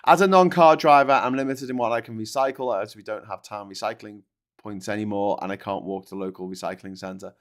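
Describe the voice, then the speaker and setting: A man's voice: on the low side, fairly quick. Jokey sweary man. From Liverpool, England. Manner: jokey, sweary, rambling asides. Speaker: show host. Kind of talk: casual livestream chat reading newspapers.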